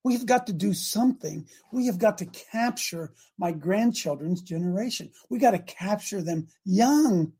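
An older man hosting a talk show, preaching in an impassioned, repetitive way full of rhetorical questions, with a raspy voice. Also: high-pitched, expressive, moderate pace, few pauses, dark tone. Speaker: host.

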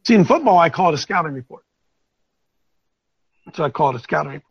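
High, gravelly man preaching informally. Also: quick pace, dull audio. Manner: animated, rambling, folksy asides. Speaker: host of a Bible teaching show. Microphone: on camera, wearing glasses.

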